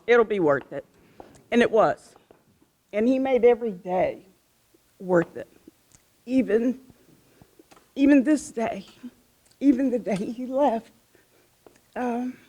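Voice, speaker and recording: This middle-aged woman, widowed when her police officer husband fell, speaks slowly with long pauses in a mellow voice on the high side. Outdoors at a memorial gathering, she tells personal stories in a rambling, heartfelt way, often starting over.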